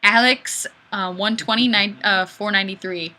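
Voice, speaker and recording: Woman webcam host, upbeat and playful, highly expressive delivery. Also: moderate pace. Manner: playful, animated, often laughing. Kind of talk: casual live webcam chat.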